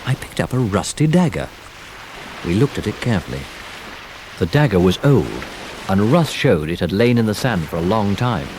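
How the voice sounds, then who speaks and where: A man narrating a children's storybook recording in a lively, expressive telling. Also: lowish voice, normal speed, background noise. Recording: old storybook record with music.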